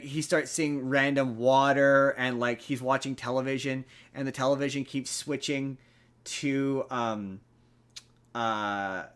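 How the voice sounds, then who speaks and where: A man's voice: mid-range voice, a bit bright. A man hosting a podcast, casually retelling a film plot in a rambling way full of fillers. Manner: rambling storyteller, filler-heavy. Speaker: podcast host. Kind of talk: casual chat.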